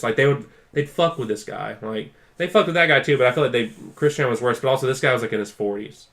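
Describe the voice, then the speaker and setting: A podcast co-host talks fast with hardly any pauses, his medium-pitched voice fairly bright. He rambles through a long story in casual chat, saying "like" a lot and acting out quoted people with heightened intensity.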